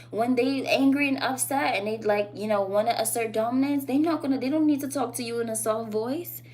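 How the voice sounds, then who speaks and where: A woman talking straight to camera in a casual opinion vlog, blunt and animated, her thoughts rambling between emphatic points. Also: a little high, a little hiss or hum. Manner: loose, rambling phrasing with fillers. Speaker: vlogger.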